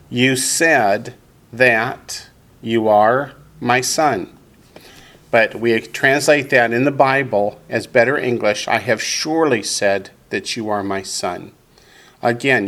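A man teaching a class, explaining slowly and deliberately and leading the group in repeating words. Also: medium pitch, fairly bright tone. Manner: slow, deliberate explanations, leads group repetition. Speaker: Hebrew teacher. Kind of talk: classroom lesson with call-and-response.

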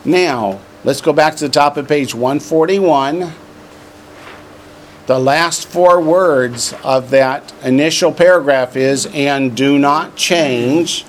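With a somewhat high voice and a little hiss or hum in the recording, a man leads a Hebrew classroom lesson. He drills word forms in a slow, drawn-out way for repetition and adds joking asides.

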